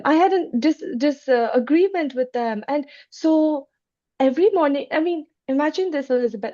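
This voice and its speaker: A woman's voice: high-pitched, warm tone. A woman telling a personal story in casual conversation, hesitant with many restarts, acting out what people said. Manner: hesitant, many restarts, acts out quoted lines. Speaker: club member. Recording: dull lo-fi sound.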